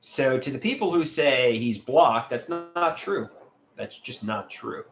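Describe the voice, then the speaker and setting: A man's voice: medium pitch, lively intonation, a little slow, slight background noise. A man doing a casual livestream, sharing artwork and reading viewer comments aloud in a candid, plain way.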